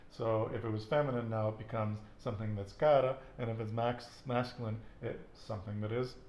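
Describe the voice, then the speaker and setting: A man's voice: lowish voice, fairly even intonation, fairly quick, darkish tone, echoey room. A man teaching a casual language lesson, patiently asking questions and repeating his student's answers with encouragement. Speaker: Spanish teacher.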